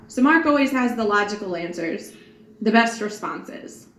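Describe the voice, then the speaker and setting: A woman in her thirties, a grieving mother, reading a personal prayer journal aloud in a soft, earnest and reflective way. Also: medium pitch, expressive, normal speed. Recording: echoey room with faint background hiss.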